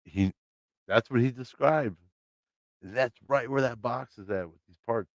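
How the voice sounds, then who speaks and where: A man's voice: medium pitch, a little slow, dry recording, dull audio. A man hosting a casual live stream from his home, telling a story in a loose, swearing way and acting out the lines of the people in it. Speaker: livestream host. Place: home, by his laundry room.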